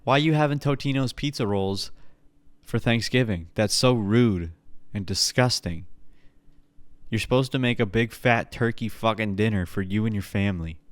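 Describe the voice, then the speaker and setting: A man's voice: lowish voice, normal speed, no echo. A man hosting a podcast, ranting playfully and crudely in a casual comedic style. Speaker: podcast host.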